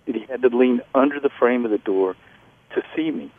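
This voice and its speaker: A man's voice: medium pitch, creaky. Earnest middle-aged man on a tinny phone line. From North Carolina. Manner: earnest, halting storyteller with restarts and fillers. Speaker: author guest. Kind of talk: storytelling interview.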